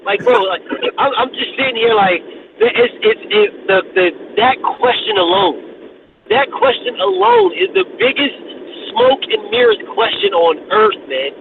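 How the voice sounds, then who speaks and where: A man co-hosting a boxing talk show in casual heated chat, animated and profane, often repeating himself and restarting. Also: sits high, measured pace. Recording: tinny phone-like line with noise.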